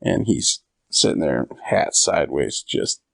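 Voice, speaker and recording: A man's voice: rumbling low, sing-song, measured pace, vocal fry, fairly bright tone, no room sound, studio quality. A man hosting a podcast, rambling through a comedic story and acting out the quotes in voices.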